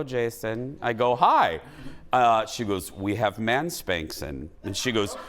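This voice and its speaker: A man hosting a studio talk show, telling an embarrassing story to a live audience in an animated, self-mocking way. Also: on the high side.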